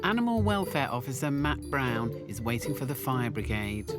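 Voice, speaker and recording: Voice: mid-range voice, big pitch swings, normal speed. A documentary narrator with a playful, punning delivery, reading a scripted voice-over. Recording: voice-over with loud music bed.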